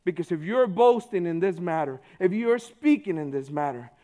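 A man giving a conversational sermon, informal and full of "you know", swinging between loud stretches and hushed ones. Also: sits high, lively intonation, normal speed. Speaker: preacher.

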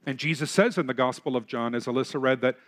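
A man's voice: medium pitch, quick pace, a bit bright. A man pastor preaching a sermon in a church, earnest and full of rhetorical questions. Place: church sanctuary.

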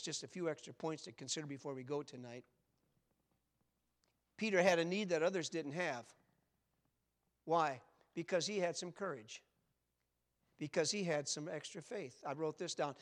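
An older man preaching a sermon, asking the congregation earnest questions and swinging between loud emphasis and quiet reflection. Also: a little high. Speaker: pastor.

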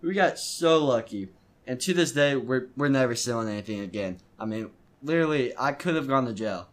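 On the podcast he hosts, a teenage boy tells a story from his own life in one straight run. His ordinary middle-pitched voice is expressive and brisk, and the telling is loose and unpolished, packed with false starts, stumbles and repeated words.

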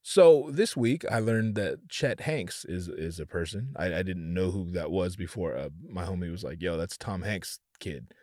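A man's voice: deep voice, lively intonation, normal speed, hardly any pauses, darkish tone, no room sound, studio quality. A young man hosting a podcast, ranting with jokes and swearing in a casual monologue, with lots of restarts. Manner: profane, ranting, jokey, many restarts. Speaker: podcast host.

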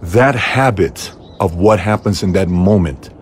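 Middle-aged male host, low voice, lively storyteller for a motivational video, faint ambience. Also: unhurried, a little hiss or hum. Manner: animated storytelling, voice jumping high on key moments. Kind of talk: motivational talk to camera.

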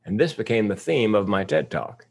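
Man, fifties, husky voice, lowish pitch, comic storytelling with deadpan asides. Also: normal speed. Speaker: speaker. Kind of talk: public talk.

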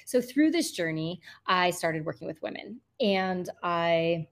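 A woman in her thirties, a love coach being interviewed, telling personal stories in a lively way, laughing often and saying "like" and "you know" a lot. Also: fairly low pitch, unhurried. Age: 30s. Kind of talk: casual storytelling interview.

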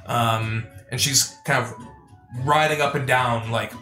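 A man running a tabletop game as game master, narrating with many hesitant pauses. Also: mid-range voice, steady tone, bright, forceful tone, soft background music. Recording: echoey room.

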